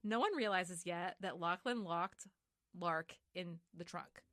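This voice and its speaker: A woman's voice: fairly low pitch, slow pace, a bit bright, dry recording, clean studio sound. A woman co-hosting a casual podcast, recapping a novel and acting out the characters' lines. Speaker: podcast co-host. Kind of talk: casual book recap chat.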